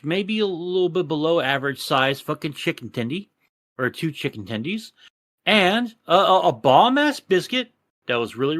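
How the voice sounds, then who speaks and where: A man's voice: high-pitched, no echo. Profane Texan man ranting. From Texas. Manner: profane, animated ranting storyteller. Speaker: podcast co-host. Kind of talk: casual podcast chat.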